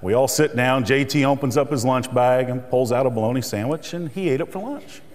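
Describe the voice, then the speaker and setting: A man's voice: mid-range voice, fairly quick, a little mellow. A middle-aged man giving a humorous motivational keynote speech, telling jokes and stories to a conference audience. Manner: storytelling, joking. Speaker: keynote speaker. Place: conference hall. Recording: reverberant hall.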